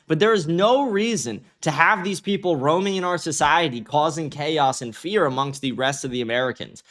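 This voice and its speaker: A young man hosting a livestream, giving angry, profane commentary and reacting to his chat. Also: a little high. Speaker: livestream host.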